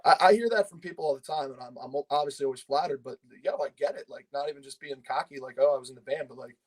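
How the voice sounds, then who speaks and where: A man's voice: mid-range voice, quick pace, rough recording. Guy in his 30s from pennsylvania, casual podcast guest, rambles with lots of "like" and "you know", swears a lot. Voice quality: swears freely, rambling with fillers. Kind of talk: casual storytelling chat.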